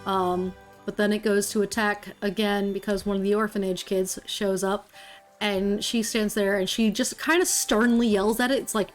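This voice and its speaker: A woman's voice: mid-range voice, steady tone, normal speed, soft background music. Chatty woman streamer recapping a game. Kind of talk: casual let's-play commentary.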